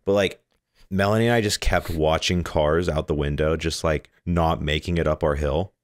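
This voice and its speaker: Brief: man, very low voice, halting casual podcast chatter, dry sound. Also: fairly even intonation, no room sound. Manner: hesitant, full of "like" fillers. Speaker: podcast co-host. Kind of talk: casual chat.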